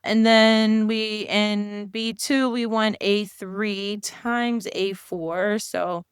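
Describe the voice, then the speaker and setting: A woman teaching a screen-recorded software lesson, speaking slowly and muttering her steps aloud as she works. Her voice is smooth and clear, recorded dry and close with no room sound. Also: mid-range voice, fairly even intonation, dry recording. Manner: chatty, thinks aloud while clicking. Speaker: college instructor.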